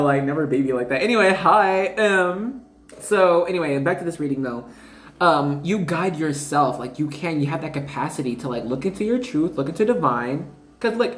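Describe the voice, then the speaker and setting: A woman giving a casual spiritual card reading, rambling and slangy, constantly talking to her viewers as "you guys.". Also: low voice. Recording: roomy echo.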